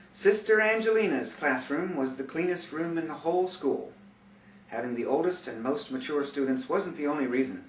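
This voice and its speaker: A man reading his own memoir aloud, sardonic, with bitter asides, in a recording with a roomy, distant sound and faint hiss. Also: mid-range voice. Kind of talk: audiobook memoir narration.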